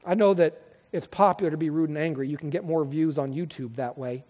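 A man's voice: on the high side, fairly quick, a little mellow, big-room sound. A man preaching a sermon as pastor, earnest and conversational, often restarting his sentences.

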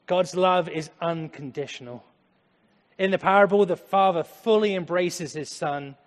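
Brief: male pastor, sermon, dramatic swings between loud and hushed, echoing church hall. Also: sits high, measured pace. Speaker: preacher. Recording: echoey hall.

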